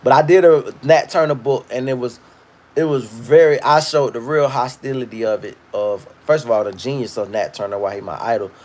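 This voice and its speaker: A man hosting a livestream, ranting in a loud, profane, rambling way and reading viewer comments. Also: medium pitch, brisk. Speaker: livestream host. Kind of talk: casual livestream rant.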